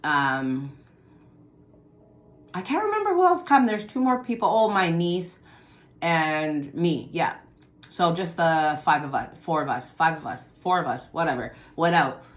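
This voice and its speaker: A woman telling a personal story to her viewers in casual talk, swearing often and swinging from low muttering to loud outbursts. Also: expressive, unhurried.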